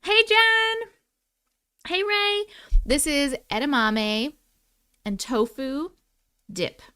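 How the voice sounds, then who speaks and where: A woman's voice: high-pitched, drawn-out words, sharp tone, no echo, clean studio sound. A woman hosting a casual livestream, greeting chatters by name in a playful, sing-song way while snacking. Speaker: livestream host.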